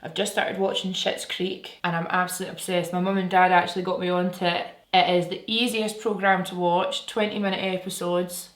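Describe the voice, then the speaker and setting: A woman's voice: fairly low pitch, a bit bright, a little hiss or hum. A woman chatting her way through a makeup tutorial, enthusiastic and casual as she works. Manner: chatty, enthusiastic, talks while working. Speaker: beauty vlogger. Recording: echoey room.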